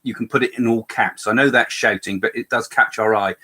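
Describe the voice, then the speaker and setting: A man's voice: medium pitch, steady tone, fairly quick, sharp tone, husky. An older man co-hosting a live chat, talking in a rambling way with many fillers and restarts, with a slight cough. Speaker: co-host medium.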